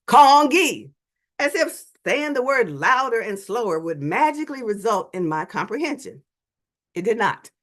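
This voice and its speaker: A woman giving a storytelling talk as an invited speaker, animated and dramatic in her delivery. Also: medium pitch, normal speed.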